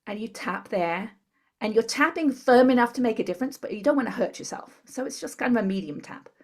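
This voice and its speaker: Husky-voiced woman explaining step by step. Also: on the high side, a little fast. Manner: calm step-by-step instructor. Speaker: guest, tapping therapy practitioner. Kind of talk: explanatory interview talk.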